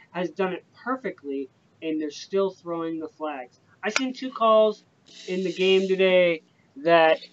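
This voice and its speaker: Loud profane man ranting about football. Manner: profane, rambling, filler-heavy. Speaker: podcast host. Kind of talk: casual sports chat. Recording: dull lo-fi with faint rumble.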